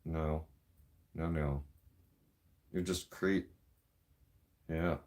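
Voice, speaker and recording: A man's voice: rumbling low, fairly even intonation, very slow, darkish tone. A Canadian man delivering an angry, profane political rant in a vlog. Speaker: vlogger.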